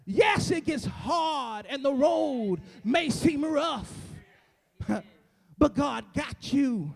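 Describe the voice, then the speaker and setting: Very slow and creaky, this preacher's strikingly high voice leaps through wide, lively pitch swings during a church sermon. Using call-and-response repetition, he works up to a shouting, whooping cadence of repeated phrases.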